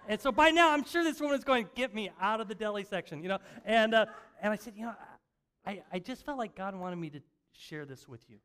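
A man's voice: sits high, expressive, brisk, a bit bright, clean tone. An older man giving a sermon as a pastor in a church, telling stories in a chatty, self-mocking way and often restarting his sentences. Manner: conversational, self-mocking storytelling with frequent restarts. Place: church sanctuary.

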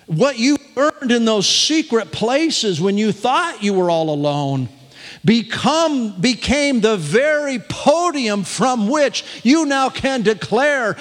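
A man's voice: very high-pitched, expressive, slow, a bit bright, in a large hall. An older man preaching a sermon as pastor, folksy and self-deprecating, often chuckling at himself.

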